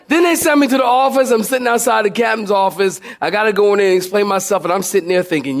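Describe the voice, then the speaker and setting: High-voiced preacher telling a lively story. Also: male voice, fast talker, hardly any pauses. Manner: animated, acts out shouting and laughs mid-story. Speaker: pastor. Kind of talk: storytelling sermon.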